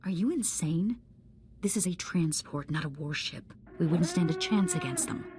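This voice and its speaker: An urgent starship crew member. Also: female voice, on the low side, big pitch swings, normal speed, noisy background. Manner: urgent and earnest.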